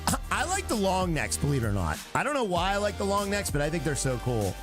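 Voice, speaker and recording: A man doing live gameplay commentary, excitable and chatty, reacting out loud and talking to his chat as he plays. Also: high voice, fast, music in the background. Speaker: live streamer.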